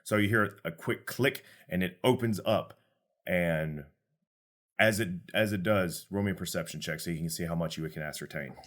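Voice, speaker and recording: Deep voiced guy narrating a tabletop game, laid back, describing scenes. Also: moderate pace, a bit bright. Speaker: game master.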